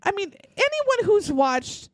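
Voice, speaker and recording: A woman's voice: extremely high pitch, sing-song, takes it slowly, no room sound. A woman co-hosting a podcast, retelling a true-crime case in a profane, sarcastic, exasperated way. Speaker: podcast co-host. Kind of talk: casual true-crime storytelling.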